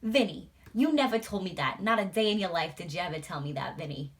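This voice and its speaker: A woman putting on a loud, scolding wife of about fifty who nags her husband. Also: lowish voice, expressive, brisk. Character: scolding fifty-ish wife from New York.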